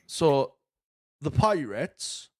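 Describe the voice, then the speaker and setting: A man's fairly high, slightly mellow voice drifts along in a sing-song way, extremely slowly. He's a podcast host casually telling stories, swearing plenty and acting out quotes. The studio sound is clean with no echo.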